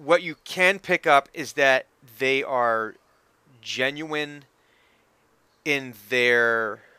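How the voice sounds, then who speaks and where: A man running a tabletop game as game master, talking in a relaxed, rambling way. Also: medium pitch, very slow, clear, resonant tone, dry recording. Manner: relaxed, rambling, laughs easily.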